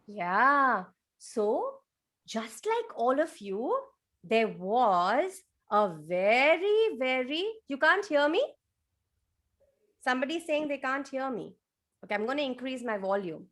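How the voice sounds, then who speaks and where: Animated high-voiced storyteller woman. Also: slow pace. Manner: animated, sing-song. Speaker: children's storyteller. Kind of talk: storytelling for toddlers. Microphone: video call.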